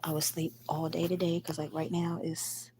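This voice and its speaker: A woman's voice: sits low, little pitch movement, moderate pace, warm tone, slight background noise. A woman hosting a late-night live stream from home on her phone, talking bluntly and with lots of swearing, rambling while sick with the flu. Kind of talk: casual live stream venting.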